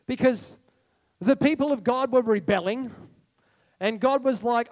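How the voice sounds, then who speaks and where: Aussie pastor guy preaching, pretty high voice for a man, gets loud and whoops at the crowd. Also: measured pace. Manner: animated preaching, sudden whoops, laughs. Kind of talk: sermon. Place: church hall.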